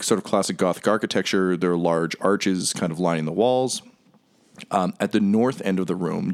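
Game master, male, very low voice, descriptive narration with fillers. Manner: descriptive, lots of ums.

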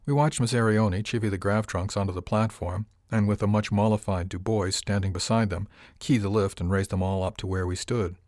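A male audiobook narrator with a low voice reading first-person fiction. His storytelling is measured and even. The recording is dry and close, with no room around it. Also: no echo.

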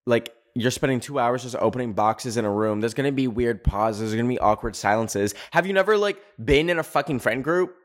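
A young man hosting a podcast, ranting casually with a lot of swearing and sarcasm, his voice leaping up in pitch when he stresses a point. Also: fairly quick, few pauses. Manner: animated, profane, sarcastic, pitch leaping up on emphasis. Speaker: podcast host.

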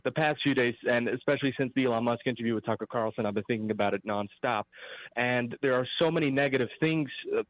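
A man's voice: medium pitch, no echo. Rambling male caller on a tinny phone line. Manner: earnest, rambling, restarts sentences. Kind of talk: call-in radio talk.

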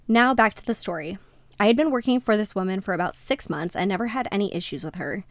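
Woman, podcast host, mid-range pitch, dry close sound, reads a listener's story aloud, lively emphatic reactions. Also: quick pace, creaky, no echo. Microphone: podcast microphone.

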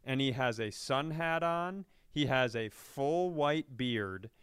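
A middle-aged man, a stand-up comedian, telling a long story in casual chat, animated and profane, laughing as he talks. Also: medium pitch, takes it slowly, clear, resonant tone, no room sound, studio quality. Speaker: stand-up comedian, podcast guest.

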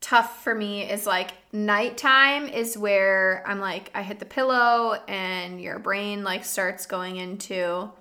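A young woman hosting a podcast in casual chat, animated, shifting between soft talk and loud bursts, laughing often. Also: mid-range voice, slow pace, few pauses. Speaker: podcast host.

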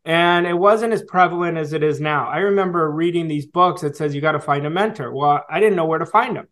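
A man's voice: on the high side, fairly bright tone. Earnest man telling his story. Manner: reflective, earnest, with fillers and pauses. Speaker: guest, sales coach. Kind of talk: storytelling interview answer.

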